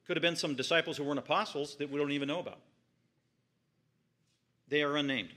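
A man's voice: a little high, steady tone, fast talker, pushed and bright. A man preaching an expository sermon in church, reading scripture aloud and then explaining it with rising emphasis. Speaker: pastor.

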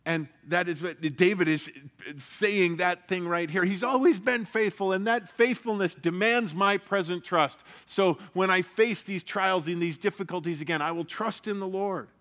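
A man delivers a sermon with earnest conviction. His voice is bright and sits a little high for a man. He sinks to a near hush on key lines, then rises when he stresses a point. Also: moderate pace, hardly any pauses. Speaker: pastor.

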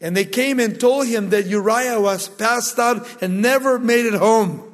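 High-voiced preacher in a reverberant hall. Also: male voice, a little slow. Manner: dramatic storytelling, emphatic. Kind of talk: sermon.

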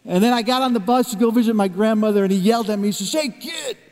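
A pastor with a high voice delivers a sermon in a large worship hall. He tells his story in hushed low tones, then rises into emphatic preaching. Long reverb trails each phrase. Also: fairly even intonation, very fast.

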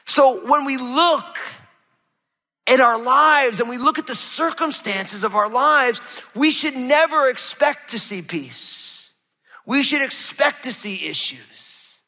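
A man preaches a sermon in a high, bright, forceful voice, swinging from loud emphasis to hushed low passages. His voice rings out with a long reverb, as in a church sanctuary. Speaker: pastor. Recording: reverberant hall.

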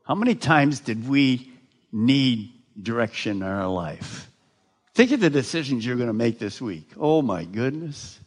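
A man preaching a sermon to a large crowd, slow and emphatic, often putting questions to his listeners. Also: mid-range voice, expressive, slightly rough. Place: large gathering addressed live.

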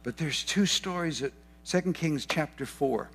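A man's voice: fairly high pitch, a little slow, gravelly, a bit bright, slight background noise. A man preaching a sermon, fervent and repeating key phrases for emphasis, with rambling asides and self-corrections. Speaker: pastor.

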